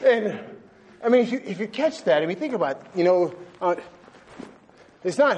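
A man preaching a sermon, animated, laughing often and repeating phrases for emphasis. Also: high voice, normal speed, pauses often, lo-fi sound, a little hiss or hum.

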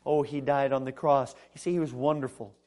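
A man preaching a sermon as pastor. He swings between loud proclamation and quiet speech, and acts out the dialogue in his stories. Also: mid-range voice, fairly even intonation, brisk.

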